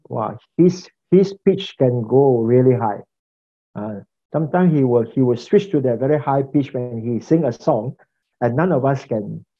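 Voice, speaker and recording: A man giving a conversational classroom lecture on preaching, repeating phrases and asking the class questions. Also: medium pitch. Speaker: preaching instructor. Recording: slightly dull lo-fi recording.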